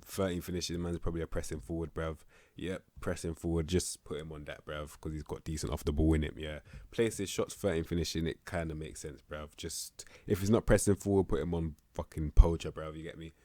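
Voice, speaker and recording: A young man talks through a football management game in a very low, deep voice, slangy and easygoing, now and then getting fired up. The sound is dry and close, with no room around it. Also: moderate pace, no echo. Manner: slangy, laid-back, with bursts of excitement. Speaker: gaming YouTuber rating players. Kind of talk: casual game commentary.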